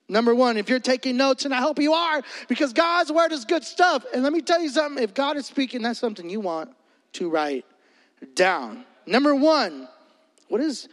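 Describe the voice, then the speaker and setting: High-voiced joking pastor. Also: male voice, a little fast. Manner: animated, joking, conversational. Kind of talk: energetic comedic sermon. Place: church hall. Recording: echoey hall.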